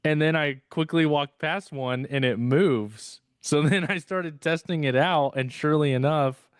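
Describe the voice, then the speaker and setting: A man's voice: fairly high pitch, unhurried, smooth, no room sound, clean studio sound. A man co-hosting a podcast, chatting casually in a rambling, hesitant way with frequent laughs and filler words. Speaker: podcast co-host. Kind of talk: casual chat.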